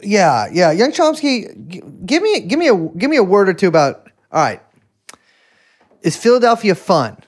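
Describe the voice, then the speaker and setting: A man's voice: high voice, sing-song, moderate pace. Playful joking podcast co-host man. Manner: playful, goofy, swears often.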